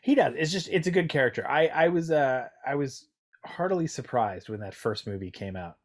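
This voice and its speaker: A man's voice: medium pitch, lively intonation, a little fast. A man with an everyday mid-range voice who talks his way through a casual podcast chat. He hedges often and circles back on his own points. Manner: chatty, hedging, full of fillers and restarts. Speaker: podcast co-host.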